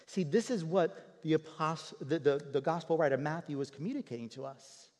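A man's voice: a little high, moderate pace, few pauses, a little mellow. A man preaching a sermon as a pastor, telling a story in a conversational way and often repeating words as he restarts a phrase. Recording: long hall reverb.

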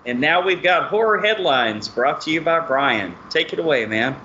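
Bright-voiced man, muffled with faint hiss. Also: fairly high pitch, lively intonation, moderate pace. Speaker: podcast host. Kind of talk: casual chat. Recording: muffled lo-fi audio with faint room noise.

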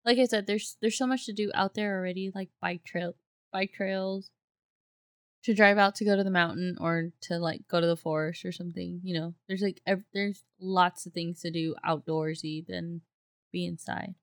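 A woman in relaxed casual conversation who chats along, laughs easily and repeats the other speaker's words. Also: fairly low pitch, moderate pace, clear, resonant tone, no room sound. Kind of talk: casual chat.

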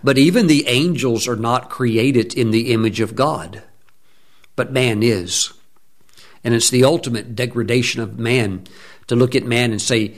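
A middle-aged man preaching a sermon from the pulpit. He speaks emphatically, drawing words out and humming between phrases. His voice sits at an ordinary male pitch. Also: a little slow. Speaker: pastor.

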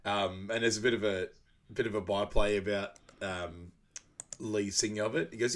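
A man's voice: on the low side, steady tone, moderate pace. Man recapping a film. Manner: laughs often, acts out quoted lines loudly. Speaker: podcast co-host. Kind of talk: casual movie recap chat.

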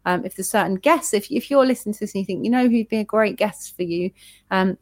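A woman co-hosting a podcast in casual chat, talking quickly with lots of fillers and restarts. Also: mid-range voice, dry recording. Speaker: podcast co-host.

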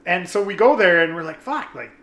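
A young man tells a story with animated swearing and plays his friends' lines as he goes. His voice is bright and a little high, and the room gives it a clear echo. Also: fairly quick. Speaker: guest telling a story. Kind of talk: casual storytelling.

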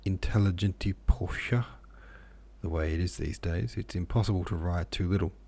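A man's voice: low voice, normal speed, vocal fry, mellow, husky, full character voice. A man reading the lines of a severe middle-aged priest who heads a seminary, speaking curtly and peremptorily. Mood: stern. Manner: curt, peremptory.

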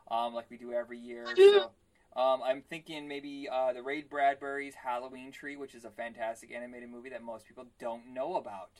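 Man, podcast co-host: rambling, self-deprecating, full of ums, mid-pitched everyday voice. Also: darkish tone. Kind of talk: casual chat.

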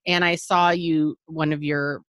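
Low-voiced woman, dry close sound. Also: little pitch movement, unhurried, fairly bright tone, no room sound. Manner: frank and rambling, restarts often. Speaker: podcast guest. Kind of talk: candid casual chat.

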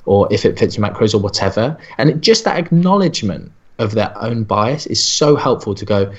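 A man chatting casually on a podcast, telling lively stories and slipping into the voices of the people in them. His voice sits fairly low and the recording sounds a little dull. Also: moderate pace. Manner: animated storytelling with quoted voices. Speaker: sports nutritionist.

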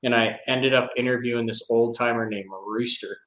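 A man spins a long, rambling story in easygoing podcast talk, peppering it with "like" and chuckles. His pitch sits in an ordinary middle range. The room gives his voice a noticeable echo. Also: steady tone, a little fast, fairly bright tone. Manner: rambling, many "like" fillers, laughs while telling. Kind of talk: casual chat, storytelling. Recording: roomy echo.

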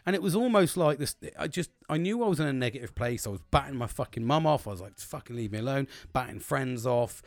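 Sweary British man, lively pitch. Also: fast, hardly any pauses, dry recording. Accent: British English. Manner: heavy swearing, blunt and confessional. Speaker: podcast host. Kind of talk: solo podcast monologue.

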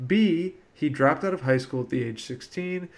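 A man's voice: fairly high pitch, vocal fry. A man hosting a casual podcast quiz, reading out questions and laughing now and then. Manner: reads questions with quick laughs. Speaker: quiz host.

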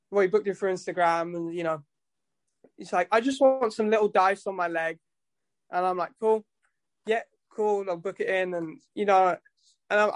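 A guest musician who is also a tattoo artist tells stories in a casual chat, rambling and swearing freely. His voice sits high, with no room sound in the recording.

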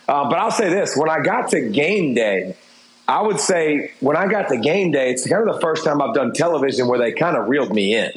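A middle-aged man talking candidly as an interview guest, rambling with restarts and fillers. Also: on the high side. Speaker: interview guest, former TV football analyst. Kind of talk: casual interview talk. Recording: roomy echo.

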